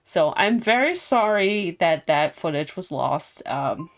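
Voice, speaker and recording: A woman's voice: lowish voice, expressive, takes it slowly. A woman casually recapping a video game story, chatty and rambling. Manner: chatty, rambling, lots of fillers. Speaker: game streamer.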